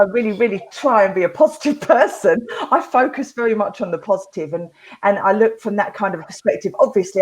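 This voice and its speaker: A woman's voice: medium pitch, rough recording. A woman hosting a live therapy talk, rambling casually through a story and laughing often. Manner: chatty, laughs often, animated.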